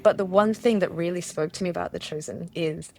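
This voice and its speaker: This woman from Australia has a lowish voice and talks fairly quickly, with a little background noise. As an interview guest she shares her personal story in conversation, earnest and searching, frequently restarting and quoting herself.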